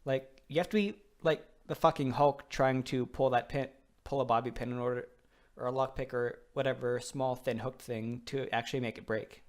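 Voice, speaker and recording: A man's voice: mid-range voice, fairly even intonation, normal speed. A young man giving casual, rambling commentary while playing a video game, swearing loosely. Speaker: let's play host.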